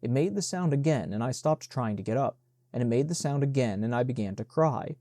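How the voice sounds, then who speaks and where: A man reading an audiobook in a measured, unhurried narration. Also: medium pitch, lively intonation, warm tone, no echo. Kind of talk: scripted narration.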